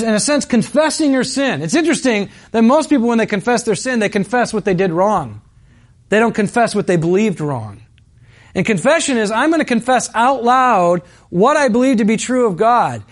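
Male pastor, high voice, earnest conversational sermon delivery with emphatic swells. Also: animated, moderate pace. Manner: earnest, conversational storytelling, rising to emphatic peaks.

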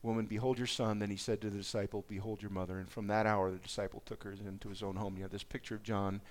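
A man's voice: lowish voice, level tone, fast. A man preaching a sermon, reading scripture aloud and reflecting on it in a conversational way. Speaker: pastor.

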